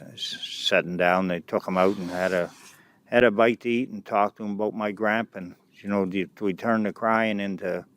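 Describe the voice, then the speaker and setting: A middle-aged man with a deep voice casually recounts his years mentoring kids. His storytelling is halting and unpolished, full of restarts, side remarks, and "anyway" asides.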